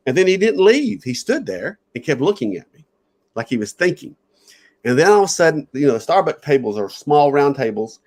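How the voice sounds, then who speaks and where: A man's voice: on the high side, very animated, fairly quick, a little mellow. A man who is a pastor, earnestly telling a personal story in an interview and chuckling at times.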